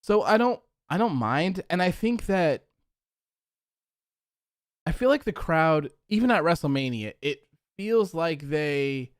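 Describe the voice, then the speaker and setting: A man's voice: a little high, takes it slowly, long pauses, clean tone, dry recording, studio quality. A young man hosting a live wrestling post-show, reading chat comments and reacting casually, acting out crowd reactions. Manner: animated, acts out crowd reactions.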